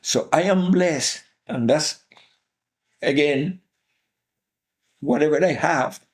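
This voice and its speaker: A man's voice: a little high, takes it slowly. An older man from Cuba with a Cuban Spanish accent, telling his life story earnestly as an interview guest and repeating key phrases for emphasis.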